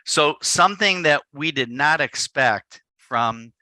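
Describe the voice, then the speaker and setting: A man from the Chicago area tells a story to a live audience, slipping into the voices of the people he met. His voice has a bright, sharp edge. The sound is dry and close, with no room echo. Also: on the high side, slow. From Chicago area, United States. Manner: lively storyteller who acts out the dialogue. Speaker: photographer giving a talk. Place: indoor event space.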